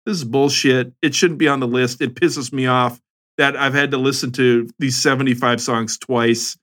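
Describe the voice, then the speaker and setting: A man co-hosts a joking podcast and breaks into mock-outraged rants. His voice sits at an ordinary middle pitch, and his speech is plain and conversational. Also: steady tone, moderate pace, fairly bright tone. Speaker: podcast co-host. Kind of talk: casual comedic podcast chat.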